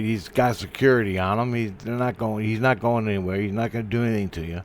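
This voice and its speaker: A man's voice: fairly low pitch, fairly even intonation, slight background noise. A man telling a personal spiritual story in a casual monologue, swearing and stopping to restart his sentences. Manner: profane, halting, restarts often. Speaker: vlogger.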